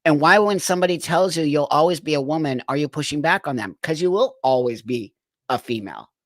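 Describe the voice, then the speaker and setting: A man's voice: on the high side, lively intonation, brisk, a bit bright, no echo. A man hosting a livestream, reacting to clips with incredulous, exasperated commentary and frequent laughter. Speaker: livestream host.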